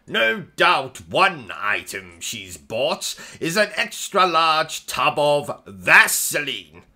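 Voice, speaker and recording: Pompous comic game host. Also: male voice, on the high side, bright, forceful tone. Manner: pompous, insulting, boastful. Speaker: gaming comedy host. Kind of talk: comic gameplay commentary.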